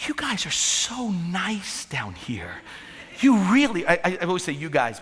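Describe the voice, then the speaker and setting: Bright-voiced animated preaching pastor. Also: male voice, on the high side, breathy edge. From northern United States. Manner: lively, animated preaching with asides and quick repeats. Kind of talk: sermon. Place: large church hall. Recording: church hall reverb with soft music.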